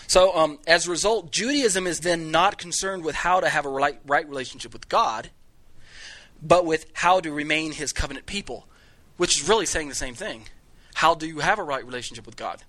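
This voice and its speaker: Male Bible teacher, lecturing a live class, conversational and jokey, bright tone. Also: medium pitch. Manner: conversational, jokey, with many restarts.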